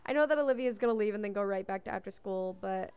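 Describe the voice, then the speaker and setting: A woman's voice: medium pitch, fast, a little mellow, clear, resonant tone, faint music behind. A young adult woman giving casual, chatty commentary on her life-sim game as a let's play host. She reads the game's text aloud and gushes over cute moments.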